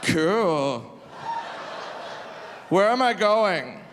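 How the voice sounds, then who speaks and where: A comedian acting out a very drunk male traveler at an airport bar, high and slurring. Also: very animated, drawn-out words, long reverb tail, noisy background, full character voice. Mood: sloppy drunk.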